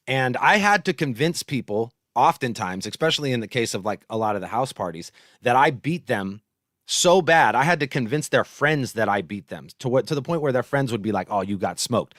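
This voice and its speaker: A man in his thirties from San Jose, California, gives blunt, profanity-heavy casual commentary on battle rap, trash-talking freely. His medium-pitched, fairly bright voice comes through clean studio sound with no room noise.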